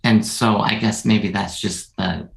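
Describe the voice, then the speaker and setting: Male interview guest, very low gravelly voice, slow halting delivery. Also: steady tone, roomy sound. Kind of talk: interview answer.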